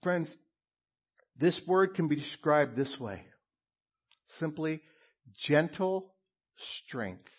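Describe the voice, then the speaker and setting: A man delivering a sermon, speaking slowly and deliberately with a somewhat high voice. His tone is slightly husky, and he leans on repeated phrases for emphasis. The recording sounds a little dull and lo-fi. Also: expressive. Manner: earnest, emphatic preaching with pauses and repeated phrases. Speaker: pastor.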